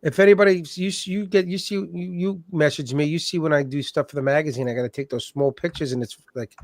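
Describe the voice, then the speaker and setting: A man co-hosting a livestream chat, excitable and teasing, often restarting his sentences. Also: a little high, fast talker, dry recording, clean studio sound.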